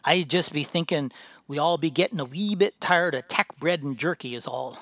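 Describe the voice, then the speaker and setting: Man voicing a gruff talking warrior. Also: fairly high pitch, moderate pace, dry recording. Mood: grumbling. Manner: gruff, blustering, loud. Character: gruff fierce old male dwarf warrior.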